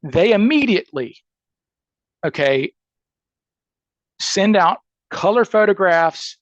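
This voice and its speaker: A man's voice: sits high, expressive, slow pace, dry recording, muffled recording. A man with a Southern accent, a criminal defense attorney on a podcast interview, laying out a case emphatically and checking in with "okay?" and "right?" as he goes.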